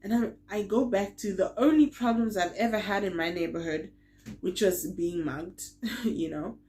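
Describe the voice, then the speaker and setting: A woman telling a personal story in a casual vlog, chatty and tired, acting out quoted lines with big swings in loudness. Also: medium pitch, normal speed, a little hiss or hum. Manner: chatty, full of fillers like "like" and "you know". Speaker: vlogger.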